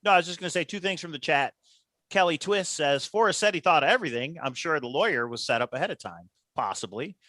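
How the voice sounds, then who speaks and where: A quick-talking panel host whose pitch jumps around animatedly. They read viewer questions from the chat. The voice is bright and dry. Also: animated, no room sound.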